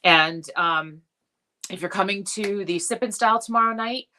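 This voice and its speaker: A woman hosting a casual live stream for her followers, emotional and tearful, speaking in a heartfelt, halting way with many pauses and fillers. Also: medium pitch, bright, forceful tone, a little hiss or hum. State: tearful, has been crying. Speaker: jewelry business live-stream host.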